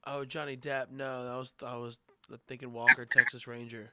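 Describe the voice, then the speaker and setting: A man hosting a casual interview, reacting with quick exclamations and follow-up questions. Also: mid-range voice, flat delivery, sharp tone. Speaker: podcast host.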